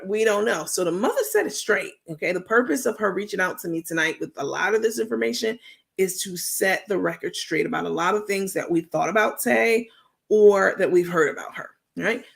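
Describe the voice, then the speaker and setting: New york lady spilling tea on her stream, kinda gravelly, lots of ums and y'all. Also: mid-range voice. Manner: chatty, drawn-out, slangy, full of fillers. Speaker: host. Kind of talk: gossip commentary stream.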